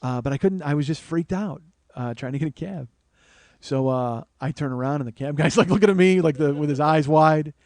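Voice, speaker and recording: A man in his forties hosts a comedy podcast, rattling off a story at a quick clip in a slightly high voice. He sounds animated and exasperated and swears freely. He is recorded close on a studio mic, completely dry. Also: no room sound. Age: 40s. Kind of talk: comic storytelling monologue.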